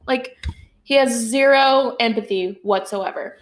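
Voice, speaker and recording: A woman's voice: on the high side, moderate pace, roomy sound. A young woman co-hosting a podcast, chatting casually and indignantly, with lots of filler words. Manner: animated, indignant, many fillers. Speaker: podcast co-host. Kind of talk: casual chat.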